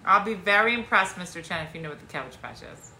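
Woman, game host, teasing, laughs a lot, lively pitch, echoey room. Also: quick pace, a little hiss or hum. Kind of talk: playful trivia game chat.

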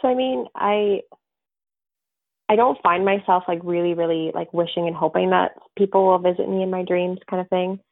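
Woman guest rambling on a podcast, low gravelly voice, thin phone-like sound. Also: fairly even intonation, moderate pace, dry recording. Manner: rambling, many fillers and restarts. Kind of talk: casual conversational storytelling. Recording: tinny phone-like line.

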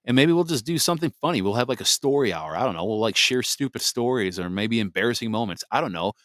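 A man's voice: medium pitch, lively intonation, fast, a bit bright, no echo, clean studio sound. A man hosting a podcast, talking on his own in a casual, rambling way, full of fillers and restarts. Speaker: podcast host. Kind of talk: casual solo podcast monologue.

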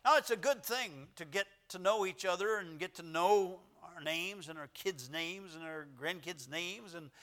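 A man preaching a sermon in a high, lively voice with a bright, forceful edge. He rambles in a folksy way, circling back with fillers and chuckling at his own stories. It is the easy talk of a pastor speaking to his own congregation. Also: normal speed, few pauses. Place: church sanctuary.

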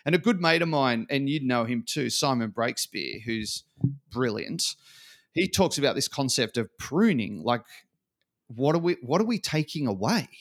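Male podcast guest, mid-pitched, conversational storyteller. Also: moderate pace. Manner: animated storyteller acting out quotes.

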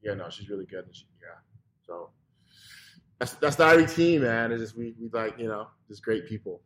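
Relaxed, rambling man, low voice. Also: normal speed. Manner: loose, filler-heavy, trails off softly. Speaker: restaurant owner and podcast guest. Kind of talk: casual interview chat.

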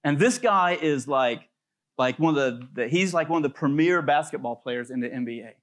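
A pastor preaching a sermon in a loose, conversational way, telling stories with plenty of fillers. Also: male voice, a little high, expressive, normal speed. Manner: conversational storytelling with many fillers.

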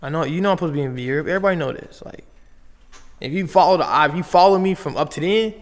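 A man's voice: on the high side, fast, long reverb tail. A young man from Las Vegas, a basketball player telling his story in loose, slangy casual talk full of fillers and restarts. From Las Vegas, USA.

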